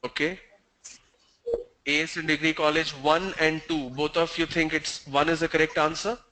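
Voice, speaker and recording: Brief: man, pronunciation trainer, slightly high voice, sharp explanatory delivery. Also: level tone, rough recording. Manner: explanatory, slow stressed examples. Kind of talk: online training session.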